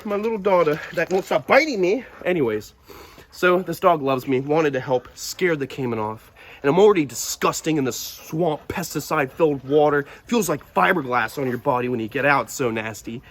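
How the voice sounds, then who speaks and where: A young man hosting a wildlife vlog, telling an excited outdoor story in an animated, breathless way, sometimes shouting at his dog. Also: medium pitch, moderate pace. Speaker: wildlife vlogger.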